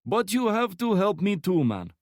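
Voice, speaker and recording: Man voicing a Slavic torturer, heavy Slavic accent, high and loud, friendly-menacing, dry close audiobook sound. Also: big pitch swings, moderate pace, no room sound. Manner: friendly banter masking cruel threats. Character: menacing wiry male Slavic torturer, jovial.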